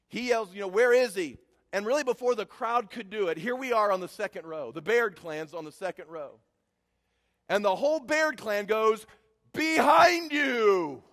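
A man's voice: high-pitched, expressive, normal speed, long reverb tail. A man telling a personal story in a sermon as a preacher, building to emphatic preaching.

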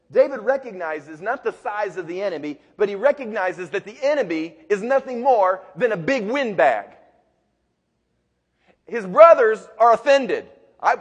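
A man's voice: high-pitched, dull audio. A male pastor preaching a sermon with emphatic, building repetition in a large church sanctuary. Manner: emphatic and building, with repeated phrases. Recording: long reverb of a large hall.

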